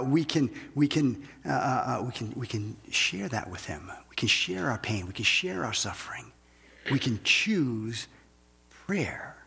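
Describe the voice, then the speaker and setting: A man preaches to his congregation in an easygoing, conversational way. His voice is husky and breathy, at a middling pitch, and he keeps restarting phrases and asking his listeners "okay?". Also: a bit bright, in a large hall. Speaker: pastor. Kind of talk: sermon.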